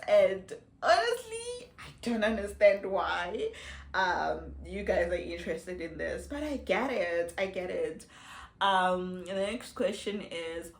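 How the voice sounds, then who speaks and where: A South African woman in her thirties, chatting playfully to the camera and laughing often in a casual get-to-know-me vlog shot on a phone. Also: on the low side. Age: 30s. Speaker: vlogger. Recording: echoey room.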